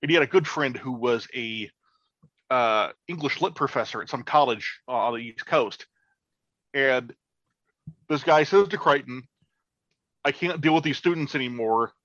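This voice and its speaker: A man chatting on a podcast with a middle-pitched voice. He talks with enthusiasm and swears freely, often stumbling over fillers and restarts. The sound is dry and a little dull. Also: a bit bright, no room sound. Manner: enthusiastic, profane, halting with fillers. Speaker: podcast co-host. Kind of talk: casual chat.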